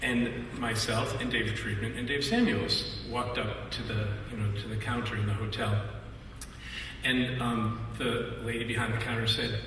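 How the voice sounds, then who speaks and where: A man's voice: medium pitch, steady tone, normal speed. A man giving a memorial tribute speech, telling a story animatedly and laughing often. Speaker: music industry artist relations rep. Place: memorial gathering in a large hall. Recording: echoey hall from far off, noisy.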